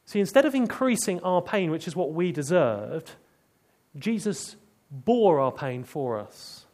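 A man preaching a sermon, telling stories and dropping to hushed tones to drive points home. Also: on the high side, big pitch swings, unhurried.

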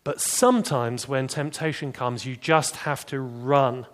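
A man preaching a sermon, animated, rising for emphasis and dropping to quiet, serious points. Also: medium pitch, unhurried. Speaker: pastor.

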